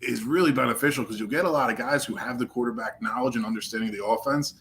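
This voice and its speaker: A man chatting casually about football as a guest on a live draft stream, with joking, relaxed banter. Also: mid-range voice, quick pace, vocal fry, a little hiss or hum. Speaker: guest co-host.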